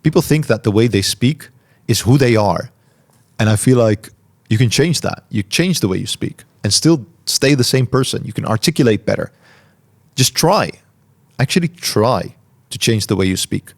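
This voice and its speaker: A man hosting a podcast, answering listener questions in a calm, reflective way and articulating each word carefully. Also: mid-range voice, normal speed, gravelly. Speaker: podcast host. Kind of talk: solo Q&A talk.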